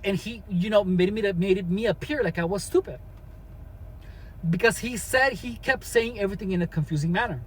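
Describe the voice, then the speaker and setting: A man's voice: high voice, slightly rough, rough recording. A man talking casually as a vlogger, giving advice in a rambling way with many restarts.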